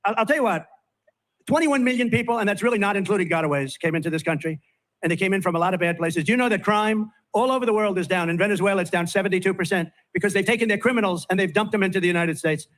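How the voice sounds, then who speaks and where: A man's voice: sits high, rapid-fire, fairly bright tone. An older man giving a rambling campaign rally speech from a stage, full of repetitive, off-the-cuff asides. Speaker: political candidate at a rally.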